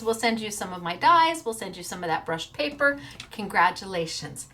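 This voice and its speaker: A woman's voice: on the high side, animated, pushed and bright. A woman hosting a crafting show, chatting casually to viewers in an earnest, emotional way. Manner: earnest and emotional, quick to tear up.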